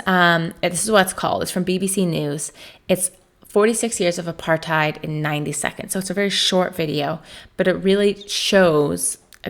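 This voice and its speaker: A woman from the United States giving a recorded history lecture as a teacher, talking conversationally with frequent "um" and "right?" fillers. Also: fairly low pitch. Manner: puts on voices for quoted people.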